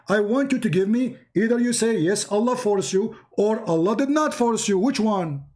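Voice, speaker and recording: A man's voice: high voice, moderate pace, few pauses, darkish tone. A man hosting a heated live-stream debate, insistent and repetitive, his voice wearing out. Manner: insistent, repeats himself. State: losing his voice. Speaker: debate show host. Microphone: computer mic on live stream.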